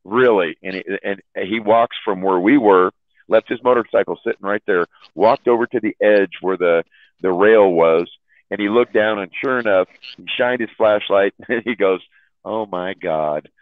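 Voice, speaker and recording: Man, deep voice, loose profane yarn-spinner on a call; phone-thin audio. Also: normal speed, no echo. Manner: rambling, profane, repeats words, laughs at own stories. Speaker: chat room host telling stories. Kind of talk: casual storytelling on a call. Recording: tinny phone-line sound.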